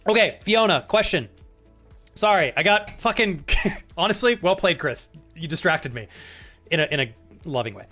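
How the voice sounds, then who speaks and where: A man's voice: a little high, animated, normal speed, long pauses, fairly bright tone, soft background music. A man streaming live, chatting casually with viewers, reading their messages and laughing often in mock indignation.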